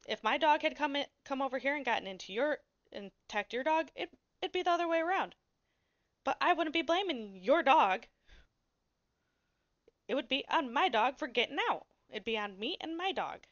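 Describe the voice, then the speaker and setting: Woman on a podcast ranting through a story, bright voice, swears a lot, dry dull lo-fi sound. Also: fairly high pitch, moderate pace, no echo. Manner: blunt, swears freely; animated storyteller. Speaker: podcast co-host. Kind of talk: casual storytelling chat.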